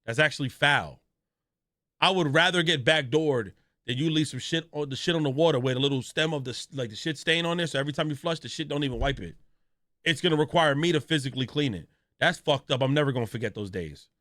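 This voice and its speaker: A man streaming live, reacting to a video in a loud, joking way with a lot of slang and talking straight to his chat. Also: on the high side, quick pace, no room sound, clean studio sound.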